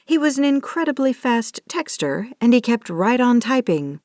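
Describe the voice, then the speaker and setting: A woman narrating an audiobook romance in a measured, even manner. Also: a little high, no echo, studio quality. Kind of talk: scripted narration.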